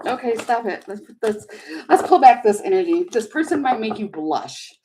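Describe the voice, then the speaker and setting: A woman's voice: fairly high pitch, very animated, moderate pace, dark tone, low-quality recording. A woman giving a chatty live tarot reading, giggling and flustered as she talks. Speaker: tarot reader.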